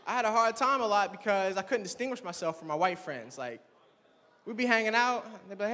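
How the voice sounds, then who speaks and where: A young man with a fairly high voice does stand-up, telling his stories with animated play-acting of the people in them. His voice rings out with a long reverb tail from a campus hall. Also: fast talker. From Swannanoa, North Carolina. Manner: animated storytelling, acting out friends in higher voices. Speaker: stand-up comedian. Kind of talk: stand-up comedy set.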